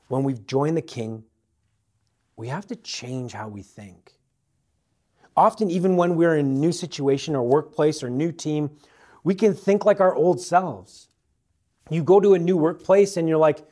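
A man preaching a sermon, swinging between forceful emphasis and quiet, hushed appeals to the listener. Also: a little high, a little slow, long pauses.

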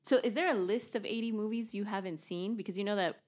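A woman's voice: mid-range voice, quick pace. A woman chatting casually, reacting with exclamations and surprise. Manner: expressive, exclamatory. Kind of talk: casual chat.

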